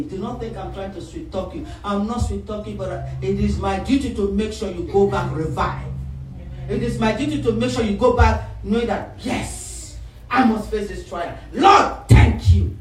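A middle-aged woman preaching a sermon, emphatic and building to shouts, calling for responses from the congregation. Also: mid-range voice, a little hiss or hum. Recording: echoey hall, voice from far off.

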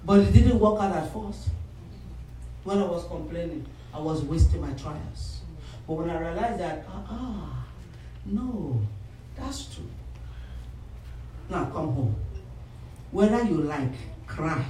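A middle-aged woman preaching a sermon, emphatic and building to shouts, calling for responses from the congregation. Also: lowish voice, animated, slow pace, long pauses, a little hiss or hum. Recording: echoey hall, voice from far off.

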